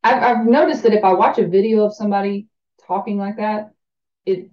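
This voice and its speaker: A woman's voice: medium pitch, fairly even intonation, a little fast, muffled recording. A woman reading a fantasy novel aloud, chatting and laughing in the breaks between passages. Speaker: reader of a fan audiobook.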